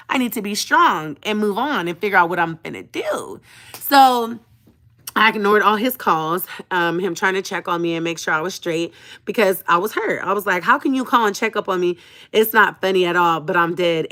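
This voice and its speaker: Animated woman with a bright voice telling a dramatic story. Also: medium pitch. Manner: animated and dramatic, with emphatic repeated "okay?"; speaks straight to viewers, calling them sis and y'all. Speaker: vlogger on a live stream. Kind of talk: emotional personal storytime chat.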